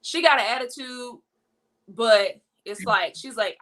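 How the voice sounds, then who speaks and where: A young woman telling a personal family story in casual, animated talk, slipping into quoted voices. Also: fairly high pitch, a little slow. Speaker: guest.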